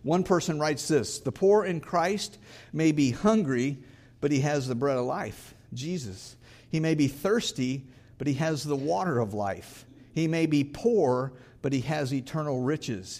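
A man's voice: a little high, expressive, unhurried, a little mellow. A middle-aged male pastor preaching an earnest sermon and reading scripture aloud with emphasis.

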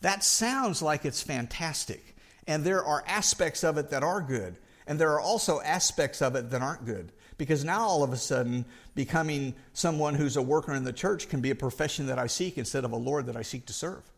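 Earnest preacher man, higher voice. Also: lively intonation, fairly quick, vocal fry. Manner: earnest, repeats words when restarting. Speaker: pastor. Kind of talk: sermon.

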